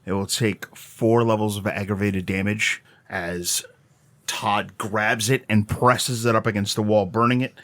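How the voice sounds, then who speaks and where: A man with a fairly low voice plays a tabletop horror game. He talks eagerly through his rolls and rules, swearing casually. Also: steady tone, a little slow, fairly bright tone. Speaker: player.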